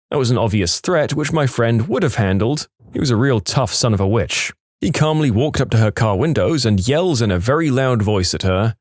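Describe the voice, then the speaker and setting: A man narrating funny reddit stories in an expressive, storytelling way. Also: on the low side, moderate pace, few pauses, no room sound, studio quality.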